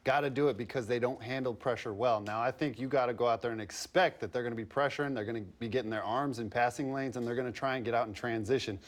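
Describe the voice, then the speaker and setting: A man's voice: medium pitch, steady tone, fast, hardly any pauses. A man who played the game, now a studio analyst explaining plays in a conversational, slightly jokey way. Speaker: basketball analyst and former player. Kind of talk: studio film breakdown commentary.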